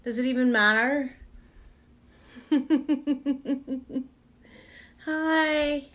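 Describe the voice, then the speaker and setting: A livestream host holds a casual live Q and A from her vanity at home, chatting with viewers, laughing often, and cooing at her pet. Her voice sits high, a little bright, and she speaks very slowly.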